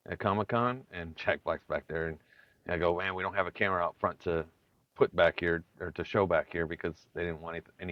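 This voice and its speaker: A male guest, a bass player, chatting in an interview with many pauses and fillers. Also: dry recording. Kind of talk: casual interview chat. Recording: dry, slightly dull sound.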